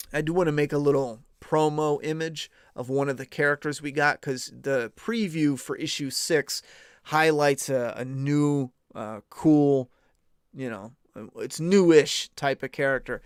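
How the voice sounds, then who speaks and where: A man's voice: medium pitch, clear, resonant tone, no echo, studio quality. A man hosting a casual stream, talking bluntly and profanely in a rambling way. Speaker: podcast host. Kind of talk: casual live-stream chat.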